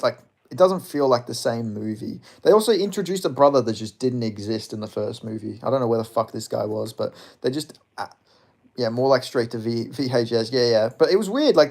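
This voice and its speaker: Twenty-something guy reading chat, raspy fry, loose and sweary. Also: medium pitch. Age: 20s. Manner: profane, rambling, laughs often. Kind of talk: casual live-stream chat.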